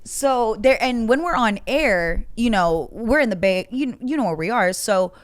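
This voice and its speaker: A woman co-hosting a podcast who works in radio. She tells stories in an animated, lighthearted way. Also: a little high, measured pace, no room sound. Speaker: podcast co-host, radio personality. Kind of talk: casual podcast chat.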